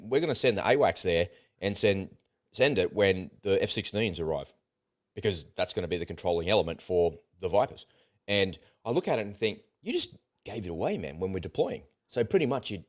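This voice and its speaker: A man co-hosting a casual political chat, blunt and exasperated, swearing as he rants. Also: lowish voice. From Australia. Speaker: co-host.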